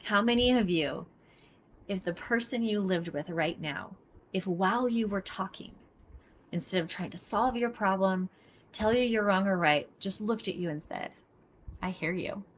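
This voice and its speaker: A woman's voice: medium pitch, normal speed. A middle-aged woman giving a casual live teaching talk, earnest and emphatic, speaking straight to her listeners. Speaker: body mapping teacher. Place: outdoors near traffic.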